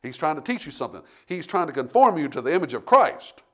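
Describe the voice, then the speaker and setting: A middle-aged man preaching a sermon, telling homey stories and building to forceful emphasis. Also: a little high, sing-song, fast. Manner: folksy storytelling preacher, rising to forceful emphasis. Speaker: pastor.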